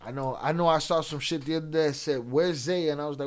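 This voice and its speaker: A man's voice: a little high, fast, few pauses, sharp tone. A man streaming and reading chat in a loose, profane way, dropping in Spanish slang. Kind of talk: casual live-stream chat.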